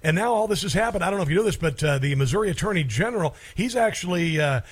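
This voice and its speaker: Middle-aged male talk radio host, fairly high voice, emphatic and rambling, opinionated monologue. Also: lively intonation, very fast, breathy edge. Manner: rambling, emphatic, many fillers and restarts.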